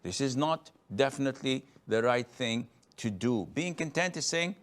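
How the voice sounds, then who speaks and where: A man's voice: medium pitch, animated, normal speed. A middle-aged man giving a religious lecture as a scholar answering a question, emphatic and at times mimicking complainers. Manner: emphatic, acts out complainers' voices.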